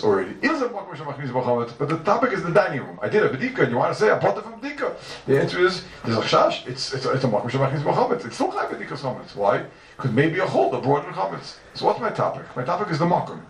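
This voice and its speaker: A man teaching a Talmud class in a lively lecture style, repeating questions and mixing in Hebrew and Aramaic terms. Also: mid-range voice, slight background noise. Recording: echoey room, mic from far off.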